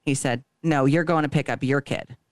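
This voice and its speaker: A woman's voice: a bass voice, fairly even intonation, normal speed, no room sound. A woman co-hosting a podcast, telling a long story in a casual, profane way and acting out each line of dialogue. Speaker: podcast co-host.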